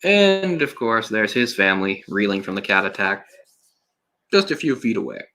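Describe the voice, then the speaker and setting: A man's voice: fairly low pitch, very animated, normal speed, pushed and bright. A young man giving casual, sarcastic live commentary on a film, exasperated and swearing at times. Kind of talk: solo live movie commentary.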